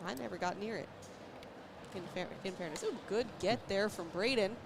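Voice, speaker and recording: At a noisy tournament venue, an American woman with a medium-pitched voice and vocal fry gives casual, teasing play-by-play for a cornhole tournament. She speaks at a moderate pace and laughs often.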